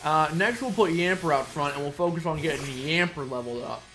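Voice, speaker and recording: A man's voice: on the high side, brisk, fairly bright tone. A man giving casual, playful commentary while playing a video game, chatting and muttering asides. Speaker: let's play streamer. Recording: faint game music behind.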